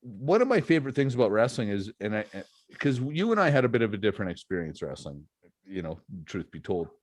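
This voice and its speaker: A man's voice: on the low side, very animated, quick pace, no room sound. Guy hosting a podcast, easygoing, lots of ums, dry close mic. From Canada. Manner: laid-back storytelling with frequent fillers. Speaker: podcast host. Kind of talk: casual chat.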